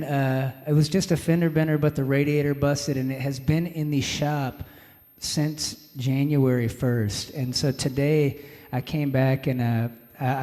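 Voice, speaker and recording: A man's voice: on the high side, dark tone. A young man, a singer-songwriter, rambling easily through stories between songs at a live show, full of filler words and calling the crowd "man". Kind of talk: stage banter between songs. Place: live music venue stage. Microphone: stage vocal mic. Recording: reverberant live venue with music. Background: guitar.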